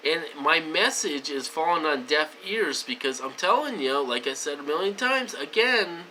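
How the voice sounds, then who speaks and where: Rambling man with a bright edge. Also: a little hiss or hum, rough recording. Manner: rambling and repetitive, with many fillers; swings between loud emphatic stretches and low mutters. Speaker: vlogger. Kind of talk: casual monologue to viewers.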